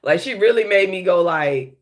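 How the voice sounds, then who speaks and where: A woman's voice: lowish voice, animated, moderate pace, slight background noise. A woman hosting a casual live stream, blunt and swearing freely, a bit sick and talking with a slight lisp from her braces. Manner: blunt, swearing, greets chat viewers by name. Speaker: live show host.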